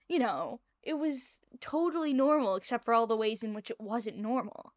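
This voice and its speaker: A woman's voice: on the high side, lively intonation, normal speed, few pauses, no room sound, muffled recording. A young woman reading a visual novel aloud, with playful, chatty, self-mocking asides. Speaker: gaming video creator.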